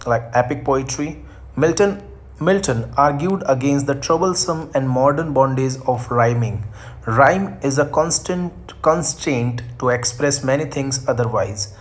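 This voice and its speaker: A man gives a recorded lecture to first-year college students, working through his slides point by point. He repeats key definitions, sometimes restarts a phrase, and fills gaps with "uh". His pitch sits in the middle range for a man. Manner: reads out points, repeats them, stops with "uh".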